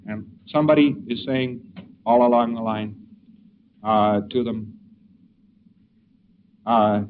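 A man lecturing in a wry, rambling way, with a middle-pitched voice. He sounds set back from the mic. The recording is dull and muffled, with a faint hiss running under it. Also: unhurried, long pauses, far from the mic. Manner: wry, digressive, acts out quotes. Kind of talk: informal lecture.

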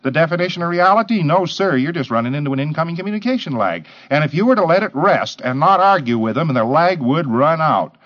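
Lively, emphatic man lecturing on old tape. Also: a little high, brisk, few pauses, lo-fi sound. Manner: emphatic, rhetorical questions, mimicking others. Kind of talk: lecture to trainee auditors.

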